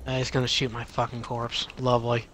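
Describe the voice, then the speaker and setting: A man's voice: medium pitch, brisk, heavy background noise. A man swearing and taunting his friend while they play an online shooter together, and chatting casually between rounds. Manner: profane, taunting, excitable during fights. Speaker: gamer streaming with a friend. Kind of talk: casual gaming chat.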